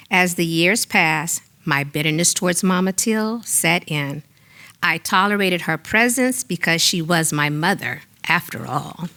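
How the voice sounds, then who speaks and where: Older lady reading her memoir live, bright forward voice, steady and heartfelt. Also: on the low side, unhurried. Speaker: writer reading her own story. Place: small studio theater stage.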